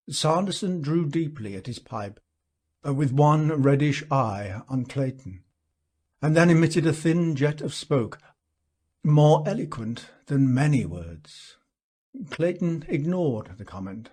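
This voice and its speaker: A man reading a classic short story aloud for learners, unhurried with occasional fillers. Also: fairly high pitch, very animated, darkish tone, slightly rough. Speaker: audiobook reader.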